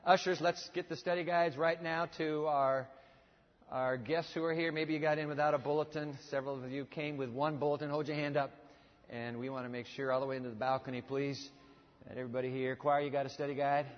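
A man preaching a sermon in a large church, lively and directing the congregation as he teaches. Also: medium pitch, brisk. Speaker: pastor. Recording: long reverb, dull sound.

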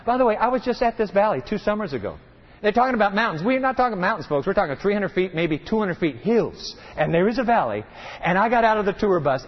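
A high-voiced man preaches a sermon with dramatic, animated delivery, acting out the voices in the story. His voice rings with long reverb through a church sanctuary, and the recording sounds a bit dull and muffled. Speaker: pastor.

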